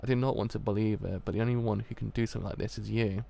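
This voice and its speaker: A man reading aloud as a gentle, earnest young man, speaking softly and pleadingly. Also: fairly low pitch, steady tone, very fast, gravelly.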